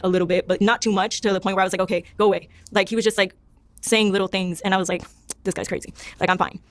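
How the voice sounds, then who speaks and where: Fast-talking woman telling her story. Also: mid-range voice, steady tone, no room sound. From Panama. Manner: rambling, heavy use of "like", self-quoting. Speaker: podcast guest. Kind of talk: personal testimony storytelling.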